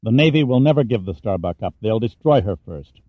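A man's voice: lowish voice, expressive, a little fast, dry recording, muffled recording. A man voicing a wounded, defiant male hero in an audiobook, talking bitterly through clenched teeth. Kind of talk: audiobook character reading.

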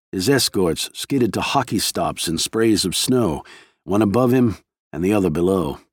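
A man reading a thriller as an audiobook narrator, in a measured, steady way. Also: low-pitched, no echo, clean studio sound.

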